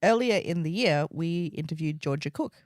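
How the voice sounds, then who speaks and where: Measured woman co-hosting a podcast. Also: sits low, lively intonation, a little mellow, no room sound. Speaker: podcast co-host. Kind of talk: casual chat.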